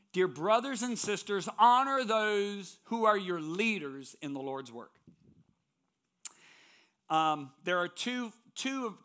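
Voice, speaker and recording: A man's voice: on the high side, pushed and bright. A man preaching as a guest speaker in a church, telling stories with strong emphasis. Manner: storytelling, emphatic. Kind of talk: sermon with personal stories.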